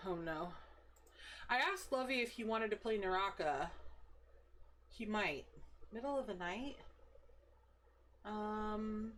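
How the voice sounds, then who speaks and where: A woman's voice: on the high side, expressive, slow, pauses often, fairly bright tone. Woman, 30s, live streamer, casual rambling chat, swears a lot, laughs often, faint background noise.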